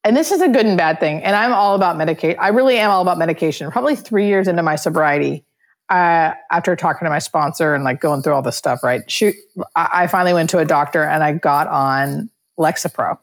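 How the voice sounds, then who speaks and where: A woman's voice: deep voice, fast. A woman guest on a podcast who works as a nurse, talking in a chatty, self-mocking way. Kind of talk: casual interview chat.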